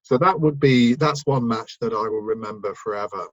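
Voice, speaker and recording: A man talks as a guest in a casual interview, his voice a little husky. He rambles, restarting sentences and filling gaps with ums. The recording is dry and somewhat dull and lo-fi. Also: mid-range voice, normal speed, no room sound. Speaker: guest, broadcaster and author.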